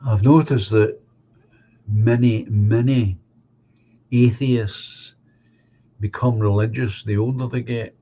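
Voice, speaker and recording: A man hosting a live stream, chatting casually and giving opinions, halting and restarting as he talks. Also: on the low side, steady tone, mellow. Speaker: live stream host reading viewer comments. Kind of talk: casual chat. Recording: dull lo-fi sound with faint hum.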